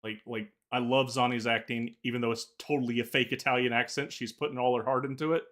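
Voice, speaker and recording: A man's voice: medium pitch, steady tone, quick pace, a bit bright. A man co-hosting a podcast, opinionated and chatty, laughing at his own jokes and stumbling over restarts. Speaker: podcast co-host. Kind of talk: casual chat.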